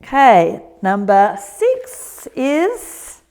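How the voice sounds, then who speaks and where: Gentle woman guiding yoga exercises. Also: fairly high pitch, huge pitch swings, extremely slow, clear, resonant tone. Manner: gentle, encouraging, chatty asides. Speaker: yoga teacher. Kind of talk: guided exercise instruction.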